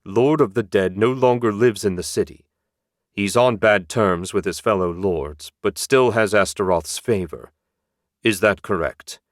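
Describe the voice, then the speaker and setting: A man voicing a cold, commanding male dragon in an audiobook, speaking slowly and with threat. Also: fairly low pitch, no echo, studio quality, lightly acted. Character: commanding, menacing male dragon in human form. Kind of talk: audiobook character voice.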